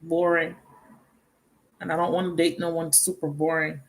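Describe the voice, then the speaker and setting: A woman's voice: sits low, flat delivery, quick pace, gravelly. A woman tarot card reader talking in a casual, blunt and profane way, telling stories with laughs in between. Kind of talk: casual tarot reading monologue.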